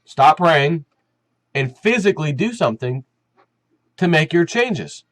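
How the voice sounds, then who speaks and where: A man hosting his own commentary channel, giving a heated, animated opinion rant full of fillers and restarts. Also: on the high side, unhurried, no echo, poor audio.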